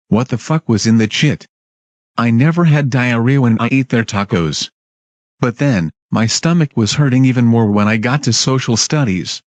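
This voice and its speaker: A man tells a storytime in an irritable, blunt rant, with profanity in nearly every line. His voice sits at an ordinary middle pitch. The sound is dry and close, with no room echo. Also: a little mellow, highs cut off. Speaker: storytime narrator. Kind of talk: ranting storytime narration.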